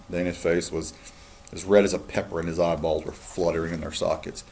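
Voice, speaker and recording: A man, a teacher, calmly reading a novel aloud to his students. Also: deep voice, a little fast, gravelly, slight background noise. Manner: calm, steady storytelling.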